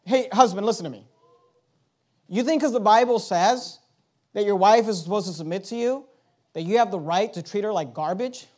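A middle-aged man, a pastor preaching a sermon, swinging between soft confiding talk and loud emphatic lines. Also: high voice, moderate pace.

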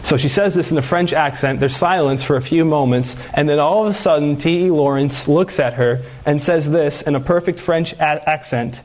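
Male pastor, higher-pitched, earnest sermon delivery with fervent exhortation. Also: moderate pace, hardly any pauses, a little mellow.

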